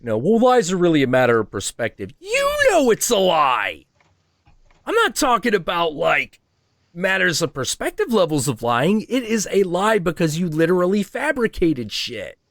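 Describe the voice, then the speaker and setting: A man's voice: high voice, wildly swooping pitch, moderate pace, vocal fry, fairly bright tone, no room sound, studio quality. A man hosting a livestream, ranting heatedly and profanely, acting out imagined dialogue. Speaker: stream host.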